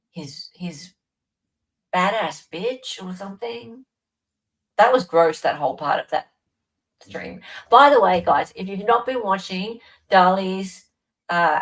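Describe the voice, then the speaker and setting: A woman's voice: lowish voice, rough recording. Chatty Australian woman live-streaming. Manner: chatty, answers viewer comments by name. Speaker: livestream host. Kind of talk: casual live-stream chat.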